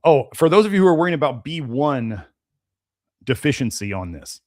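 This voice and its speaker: This health podcast host has a medium-pitched, sing-song voice and talks at normal speed. Fielding questions from chat on a live stream, he rambles loosely with plenty of fillers and false starts, a bit stuffed up and prone to sneezing.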